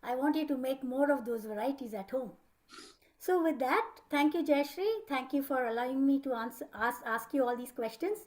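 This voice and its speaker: High-voiced woman hosting. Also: moderate pace, a little mellow, rough recording. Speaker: interviewer, alumni event host. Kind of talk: interview hosting.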